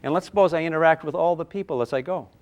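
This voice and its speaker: An older man teaching a physics class, lively and playful, with sound effects and acted asides. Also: on the high side, racing. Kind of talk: classroom lecture at a whiteboard.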